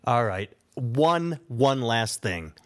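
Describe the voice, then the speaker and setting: A man's voice: medium pitch, expressive, slow pace, fairly bright tone. A man co-hosting a podcast in casual chat, ranting with opinions and mocking quotes. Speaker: podcast co-host.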